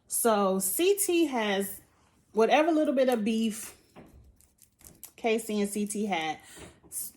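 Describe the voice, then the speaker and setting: A woman's voice: a little high, animated, slow, long pauses, darkish tone. Sassy blunt woman recapping reality TV. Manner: sassy, blunt, laughing, cusses. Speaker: reality TV reviewer. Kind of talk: casual recap commentary. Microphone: phone or tablet setup.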